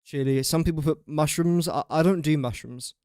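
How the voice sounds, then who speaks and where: A man's voice: on the high side, moderate pace, a little mellow, clear, resonant tone, dry recording, clean studio sound. A young man from England chatting casually on a gaming livestream, rambling and self-mocking as he builds. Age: young adult. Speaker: streamer.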